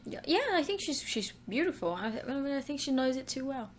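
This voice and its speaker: A woman co-hosting a casual chat, giving blunt, sassy opinions with a gravelly edge to her voice. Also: high voice, lively intonation, brisk. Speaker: co-host.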